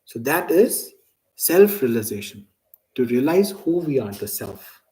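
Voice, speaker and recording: A man's voice: medium pitch, sing-song, unhurried, warm tone, poor audio. A man teaching a scripture class, asking students questions and often checking in with "right?".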